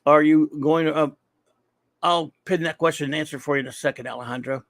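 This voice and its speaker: A man hosting a casual livestream, loudly shouting out viewers and upcoming shows. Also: on the high side, fairly quick, no echo. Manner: energetic, loud shout-outs to viewers. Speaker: livestream host.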